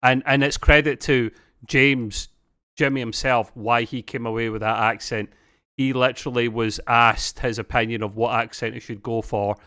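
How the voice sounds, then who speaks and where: Teasing co-host. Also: male voice, medium pitch, steady tone, normal speed, bright, forceful tone, no room sound, studio quality. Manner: chatty, teasing, laughs often. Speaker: podcast co-host. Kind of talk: casual chat.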